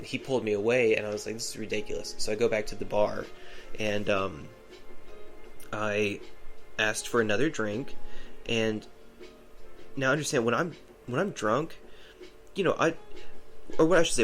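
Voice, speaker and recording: A man hosting a podcast, telling a personal story in a rambling, casual way full of fillers and restarts. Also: on the low side. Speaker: podcast host.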